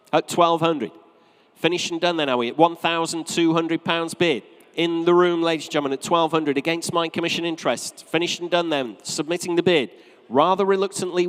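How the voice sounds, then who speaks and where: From the rostrum, a North East English auctioneer calls bids in brisk, repetitive patter, tossing in joking asides, his smooth, slightly bright voice pitched a little high for a man. A big sale room's long reverb surrounds him.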